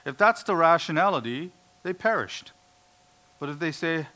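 A man's voice: on the high side, expressive, normal speed, bright, forceful tone. Man preaching an emphatic sermon. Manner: emphatic preaching, acting out doubters' voices. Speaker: pastor.

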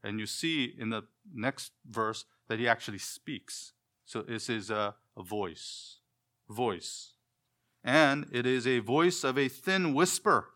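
At a measured pace, a man with a mid-range voice works through an expository sermon. He puts questions to the listeners and answers them himself, often softening at the tail of each phrase.

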